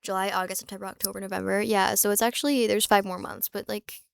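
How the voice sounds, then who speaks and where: A woman's voice: mid-range voice, little pitch movement, quick pace, vocal fry, smooth, no room sound, clean studio sound. A young woman vlogging in casual chat, rambling and candid, with lots of fillers and restarts, swearing freely and sometimes dropping to a whisper for asides.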